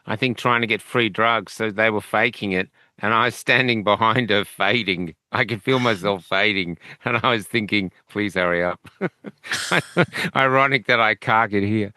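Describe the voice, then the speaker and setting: An Australian man tells his story as an interview guest, meandering through fillers and restarts. His voice is bright and crisp, and the recording is dry with no room sound. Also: lowish voice, a little slow, no echo. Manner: rambling, with many fillers and restarts. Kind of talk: conversational storytelling.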